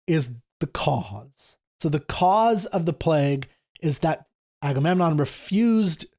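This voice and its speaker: Animated man explaining an epic poem. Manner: animated, reads quoted speeches slower and lower. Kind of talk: casual lecture with read-aloud quotes.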